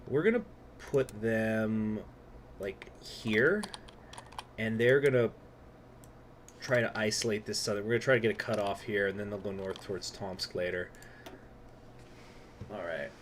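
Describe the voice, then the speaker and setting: A man's voice: on the low side, a little slow, long pauses, slight background noise. Man muttering through a strategy game. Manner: talks to himself, muttering plans, occasional swearing. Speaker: host. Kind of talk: casual gaming livestream commentary.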